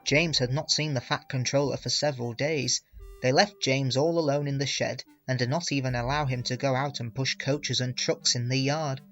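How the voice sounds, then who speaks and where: A man reading a children's railway story aloud in a clear, gentle storytelling manner. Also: medium pitch, fairly even intonation, normal speed. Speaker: reader.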